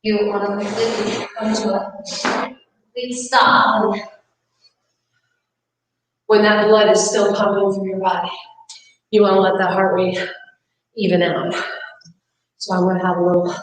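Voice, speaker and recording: A woman's voice: medium pitch, level tone, a little slow, long pauses. A woman leading a fitness class, out of breath and counting down reps with upbeat encouragement. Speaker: fitness instructor. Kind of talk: live workout class instruction. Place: gym. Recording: echoey room, far from mic.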